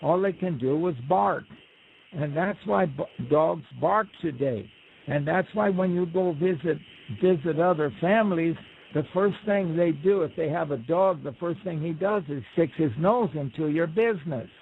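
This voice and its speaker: Male storyteller, high gravelly voice, plain-spoken, over a tinny phone line. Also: normal speed. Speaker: guest storyteller. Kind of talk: telling folk tales. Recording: phone-like line, faint hiss.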